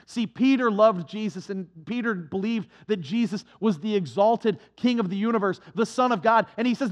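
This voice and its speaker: A man's voice: high voice, normal speed, few pauses. Impassioned man preaching a sermon. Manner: dramatic swings from hushed to impassioned.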